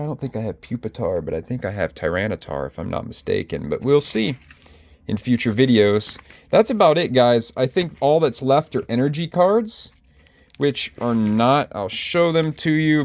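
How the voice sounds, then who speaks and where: A man's voice: on the low side, gravelly. A man chatting casually to his viewers as he pages through his card collection, often correcting himself mid-sentence. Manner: chatty, self-correcting, addresses viewers directly. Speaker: collector vlogger.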